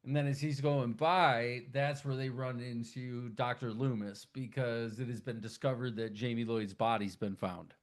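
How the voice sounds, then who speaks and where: Profane, animated male podcast co-host. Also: mid-range voice, moderate pace, few pauses. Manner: profane, animated storyteller who acts out characters' lines. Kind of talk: casual chat retelling a horror film.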